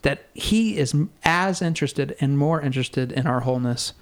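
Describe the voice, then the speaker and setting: A man's voice: mid-range voice, normal speed. A man guest earnestly recounting a personal faith experience in casual conversation, with frequent fillers and restarts. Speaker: podcast guest.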